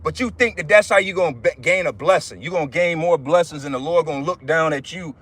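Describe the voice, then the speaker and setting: A man's voice: on the high side, quick pace, a bit bright. A man preaching fervently on a livestream, repeating himself, swearing and calling his listeners brothers. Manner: fervent, repetitive, profane, addresses listeners as brothers.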